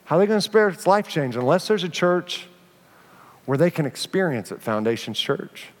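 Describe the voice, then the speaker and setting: Animated pastor, high voice, reverberant sanctuary. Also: male voice, normal speed. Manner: animated storytelling, acting out quoted voices. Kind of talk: sermon. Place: church sanctuary.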